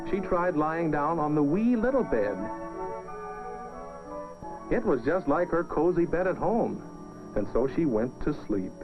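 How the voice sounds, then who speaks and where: A man narrating a children's storybook film in a gentle sing-song manner, on an old lo-fi soundtrack with music. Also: a little high, expressive, unhurried, pauses often.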